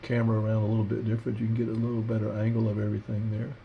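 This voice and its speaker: A man teaching a watercolor painting demo, talking through his steps in a relaxed, rambling way with lots of fillers. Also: lowish voice, very fast, gravelly, narrow, tinny audio, a little hiss or hum. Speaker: art instructor. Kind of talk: casual painting demonstration.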